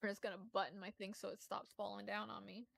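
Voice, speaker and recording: A Rhode Island woman whose accent carries a Southern tinge and a lisp rambles while streaming a game, self-deprecating and restarting often. Her medium-pitched voice is flat, creaky, a bit bright, and fast, recorded in clean studio quality with no room sound.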